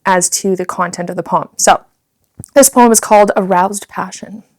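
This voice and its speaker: A woman's voice: mid-range voice, normal speed, a little mellow. Chatty woman podcast co-host. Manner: giggly, keeps breaking into laughter while reading. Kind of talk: casual podcast chat.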